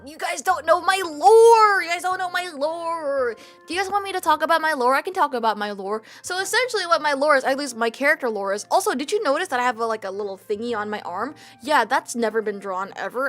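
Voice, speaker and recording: A woman's voice: fairly high pitch, pushed and bright. A young woman streaming, chatting casually in a playful, rambling, self-mocking way. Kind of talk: casual live-stream chat.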